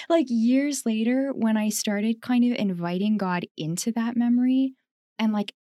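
A woman's voice: a little high, a little slow, a little mellow, no echo, studio quality. A woman from Canada co-hosting a podcast, telling a story in a casual, reflective way, with lots of "like" and frequent laughter. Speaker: podcast co-host.

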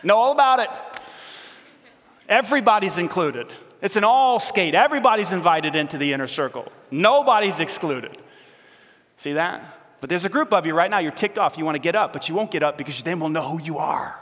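Male pastor, sermon, animated, conversational, teasing, somewhat high voice, reverberant church hall. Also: a little fast.

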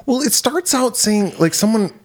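A man co-hosting a casual horror movie podcast, chatty and prone to high-pitched laughing fits. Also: animated, normal speed. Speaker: podcast co-host. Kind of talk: casual movie review chat.

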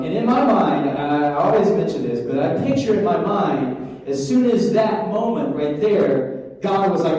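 A man telling a comic story to an audience, animated and acting out his own panic and the voices in his head. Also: on the high side. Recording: roomy hall, voice from far off.

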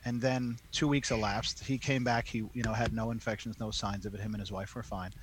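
Animated man telling a story. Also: fairly low pitch, a little fast, noisy background. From New York. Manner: animated storyteller, lots of fillers. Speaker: librarian. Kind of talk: casual chat, telling a story.

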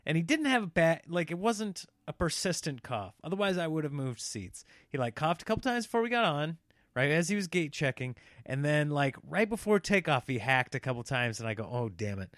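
A man in his thirties tells a story in a loose, chatty way, animated and quick to act out the people in it. His voice sits a touch high for a man. The sound is dry and close, with no room around it. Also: no echo. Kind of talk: casual storytelling.

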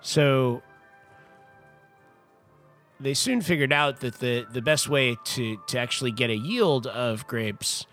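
Slowly and with long pauses, a guest wine importer rambles through the history of wine in relaxed podcast talk, restarting and digressing as he goes. His voice is medium in pitch and fairly bright, with faint music behind.

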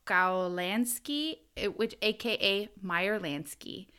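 A woman's voice: medium pitch, expressive, slow, sharp tone, clean tone. A woman co-hosting a casual podcast, chatty and self-deprecating, laughing often as she walks through her research. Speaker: podcast co-host presenting the episode research.

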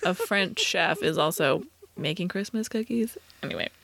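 A woman's voice: lowish voice, expressive, normal speed, vocal fry, a bit bright, slight background noise. A woman co-hosting a podcast, reviewing a movie in casual chat with wry, opinionated asides. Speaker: podcast co-host.

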